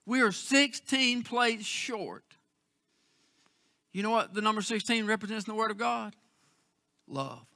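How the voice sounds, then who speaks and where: A man preaching a sermon as pastor, telling a story with emphatic, then hushed, emotional delivery. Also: high-pitched, steady tone, normal speed, creaky, long pauses, dry recording, studio quality.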